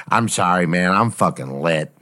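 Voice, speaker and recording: A man's voice: sits low, animated, bright, forceful tone, exaggerated voice. A man playing a drunk, sentimental co-host who rambles and stumbles over his words. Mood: maudlin. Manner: rambling, slurred, halting.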